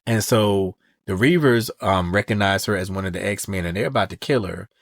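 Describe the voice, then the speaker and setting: A man with a lowish voice hosts a podcast and walks through a comic book storyline. He talks casually and slips into the characters' quoted lines as he goes. The sound is close and dry. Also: normal speed, dry recording. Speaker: podcast host.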